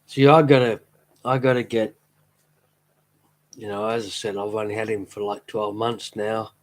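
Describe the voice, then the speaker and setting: A man's voice: lowish voice, level tone, moderate pace. A man chatting casually on a live stream, rambling fondly and laughing easily. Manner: rambling, fond and easily amused. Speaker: streamer talking to chat.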